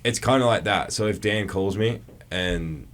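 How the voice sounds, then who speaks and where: A young Australian man with a very low voice, chatting casually as a podcast co-host. He is easygoing and quick to poke fun at himself. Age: young adult. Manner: easygoing, self-deprecating, quick laughs. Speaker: podcast co-host, college football player. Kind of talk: casual chat.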